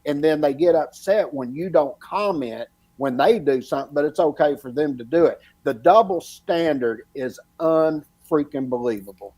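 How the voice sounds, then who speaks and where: A man's voice: fairly high pitch, moderate pace, hardly any pauses, darkish tone. Indignant man ranting on a podcast. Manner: indignant, ranting about double standards. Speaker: podcast co-host. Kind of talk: casual podcast discussion.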